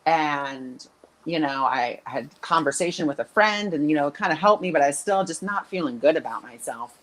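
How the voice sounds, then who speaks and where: A woman's voice: sits low, moderate pace, rough recording. A woman who works as a spiritual intuitive coach, telling stories in a casual interview and acting out the voices of the people she quotes. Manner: animated, acts out quoted voices.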